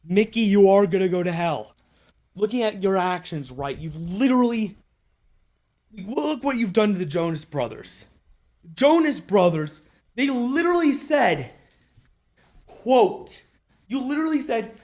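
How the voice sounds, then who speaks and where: Angry male commentator, profane and mocking, voice on the higher side. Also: sing-song, unhurried, pauses often, darkish tone. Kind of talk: ranting commentary. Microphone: phone.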